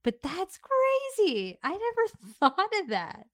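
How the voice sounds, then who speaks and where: A woman's voice: very high-pitched, wildly swooping pitch, no room sound, clean studio sound. A woman co-hosting a casual podcast chat, giggly and emotional as she talks. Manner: giggly, emotional, quick to laugh. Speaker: podcast co-host.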